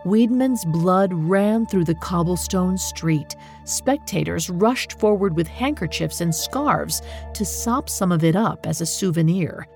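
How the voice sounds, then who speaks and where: Woman narrating in a measured, lowish voice. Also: lively intonation, a little mellow, soft background music. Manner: measured, grave storytelling. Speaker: podcast host. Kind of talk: scripted narration.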